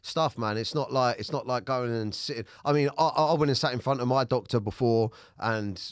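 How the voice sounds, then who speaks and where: A man's voice: mid-range voice, normal speed, clean tone, no echo, clean studio sound. A man hosting a podcast in casual chat, laid-back, often trailing off and restarting mid-sentence. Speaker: podcast host.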